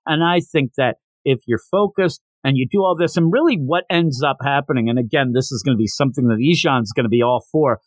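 A man's voice: medium pitch, fairly quick, hardly any pauses, no echo. A man hosting a podcast, giving a casual, opinionated manga review as he recaps scenes.

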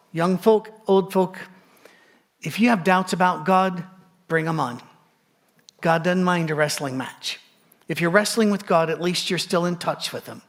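A man preaching a sermon in a conversational way, with joking asides and a gravelly voice. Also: fairly high pitch, fairly bright tone. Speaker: pastor.

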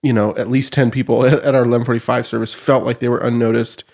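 A man's voice: medium pitch, level tone, quick pace, gravelly, darkish tone. A man co-hosting a podcast, chatting casually and prompting the host with questions.

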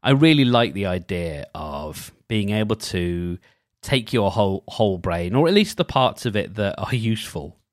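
A man with a lowish, very animated voice thinks aloud in a casual solo monologue, speaking at normal speed. He rambles, restarts sentences, and leans on fillers like "you know." The recording is dry and close, with no room sound or echo.

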